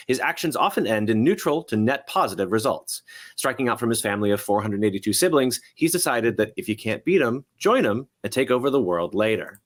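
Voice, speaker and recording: A man running a tabletop game as game master, upbeat and quick to laugh. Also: mid-range voice, fairly bright tone.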